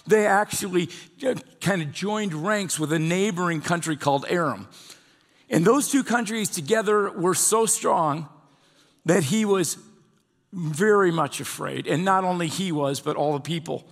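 A man's voice: sits high, unhurried. Man preaching in an echoing hall. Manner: conversational storytelling preaching. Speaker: pastor. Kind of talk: sermon. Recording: long hall reverb.

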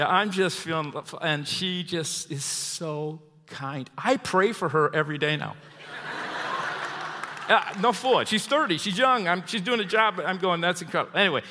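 Pastor guy telling a story in his sermon, bright voice, fairly high, lots of hall echo. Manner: storytelling, chuckling, animated. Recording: long hall reverb.

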